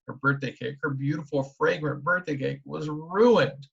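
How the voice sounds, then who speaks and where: A man narrating a children's book in a steady storytelling manner. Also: mid-range voice, moderate pace, creaky, few pauses. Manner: steady storytelling with small restarts. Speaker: audiobook narrator. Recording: dull lo-fi recording.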